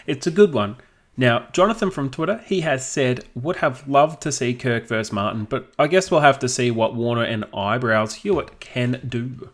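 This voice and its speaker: A man with an Australian accent co-hosting a sports podcast, chatty and quick to laugh. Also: medium pitch. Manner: chatty, laughs while talking. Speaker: podcast co-host. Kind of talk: casual sports chat.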